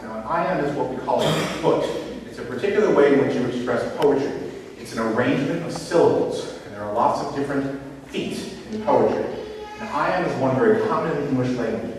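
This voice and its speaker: A man teacher lecturing to parents, explaining step by step and quizzing his audience. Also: mid-range voice. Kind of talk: classroom-style lecture to parents. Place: school room or hall. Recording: echoey hall, distant mic, faint hiss.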